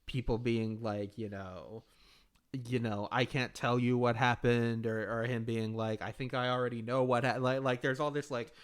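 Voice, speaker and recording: A young man with a middle-range voice co-hosts a relaxed movie talk. He backs up his partner with short agreements and often laughs. When he takes over, his retellings are loose and friendly. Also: medium pitch, moderate pace, clear, resonant tone. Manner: agreeable listener, chuckles often. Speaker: podcast co-host. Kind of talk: casual movie discussion.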